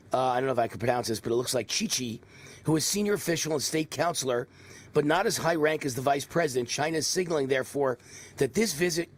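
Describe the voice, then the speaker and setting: An older man with a faint New York accent hosts a live political talk show. His voice sits a bit high and sounds husky. He rambles and drifts into mocking asides. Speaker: host.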